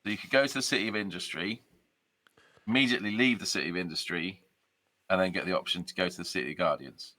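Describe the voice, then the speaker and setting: Male gamebook reader, bright tone, lowish voice, brisk matter-of-fact delivery. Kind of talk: reading a gamebook aloud on a live stream.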